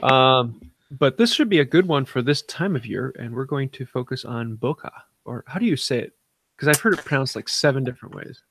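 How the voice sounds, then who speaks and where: Gravelly podcast host steering talk. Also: male voice, medium pitch, animated, a bit bright, a little hiss or hum. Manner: steers the talk, halting with fillers. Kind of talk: casual podcast chat.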